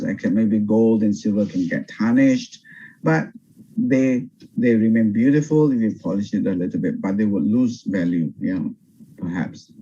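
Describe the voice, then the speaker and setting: Older pastor, dull video-call sound. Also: male voice, fairly low pitch, slightly rough. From Singapore. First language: Teochew. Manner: animated, pauses and restarts often. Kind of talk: Bible study teaching. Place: home over video call.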